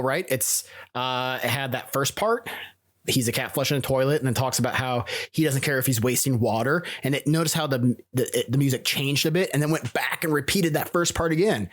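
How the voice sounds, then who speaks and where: A man teaching a recorded music lesson for children, encouraging and counting rhythms aloud with a metronome. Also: mid-range voice. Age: adult, father of a young child.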